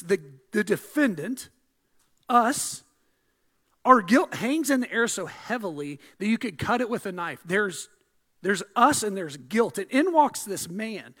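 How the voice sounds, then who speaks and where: A man with a notably high-pitched voice delivers a sermon as a pastor. His preaching is dynamic, dropping to hushed asides before climbing into loud, emphatic build-ups.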